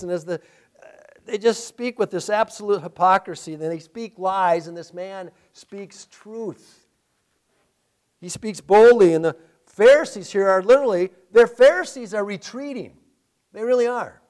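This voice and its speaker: A male pastor preaching a sermon, animated, with sarcastic asides and laughter. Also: sits high.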